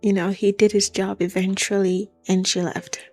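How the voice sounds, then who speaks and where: A woman's voice: mid-range voice, flat delivery, moderate pace, mellow, faint music behind. A woman telling a true story in a chatty, casual way, with asides to the listener.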